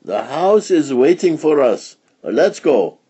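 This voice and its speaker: Gentle old grandmother, voiced by a man. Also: on the high side, big pitch swings, slow, husky, dull audio, pitched above the performer's own voice, full character voice. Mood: brisk. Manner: soft, soothing.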